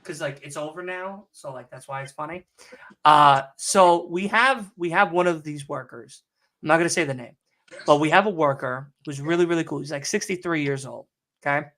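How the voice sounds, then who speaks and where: A man's voice: on the high side, moderate pace, pushed and bright. A man on a podcast telling a long work story in a casual, profane and exasperated rant. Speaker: podcast co-host.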